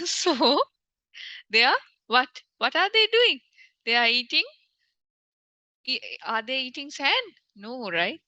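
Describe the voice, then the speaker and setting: A woman's voice: a little high, pushed and bright, no echo, low-quality recording. A woman from Sri Lanka teaching an online English lesson, patiently asking the class frequent questions as she goes through a story.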